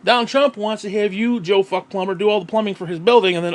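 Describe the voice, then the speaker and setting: A man ranting casually at home, profane and rambling, often clearing his throat and short of breath. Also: high voice, fairly even intonation, fast. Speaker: vlogger.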